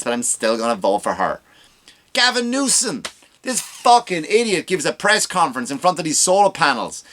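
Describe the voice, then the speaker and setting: A man's voice: fairly high pitch, big pitch swings, normal speed, a bit bright. A man hosting a comedy podcast, ranting in a profane, exasperated way with big jumps in his voice.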